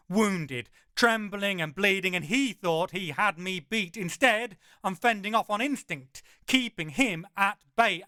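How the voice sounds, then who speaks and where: A man narrating a first-person audiobook in a dramatic, wry way, slowing for emphasis. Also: high-pitched, bright, forceful tone, smooth, dry recording, clean studio sound.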